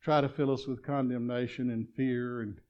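A man preaching a sermon, swinging between loud exclamations and quiet, chuckling asides. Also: mid-range voice, flat delivery, moderate pace, lo-fi sound.

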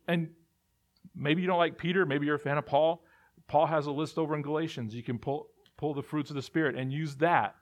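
A male pastor preaching a sermon, emphatic and repeating phrases as he builds his points. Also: a little high.

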